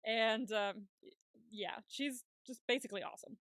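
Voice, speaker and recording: A woman co-hosting a podcast, retelling a TV episode in casual chat and putting on quick voices for the characters she quotes. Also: on the high side, fairly bright tone, dry recording, studio quality. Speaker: podcast co-host.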